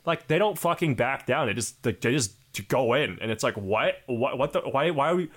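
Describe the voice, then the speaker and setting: Speaking at normal speed in an animated mid-range voice, a young man co-hosts a podcast. His casual talk wanders, swears heavily, and leans on lots of fillers.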